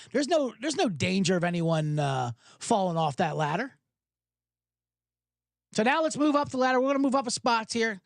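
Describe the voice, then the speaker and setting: A man's voice: extremely high pitch, a bit bright, no room sound, studio quality. A man hosting a sports betting podcast, talking in a hyped, rambling way, swearing and spinning jokey analogies. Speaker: podcast host.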